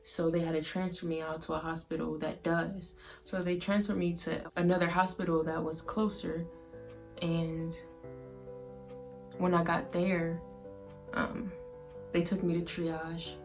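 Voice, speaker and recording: A woman speaks in a low, flat voice with little rise and fall, telling a painful personal story to her camera. Her delivery is soft and halting, filled with "like". Quiet guitar music plays faintly underneath. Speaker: vlogger.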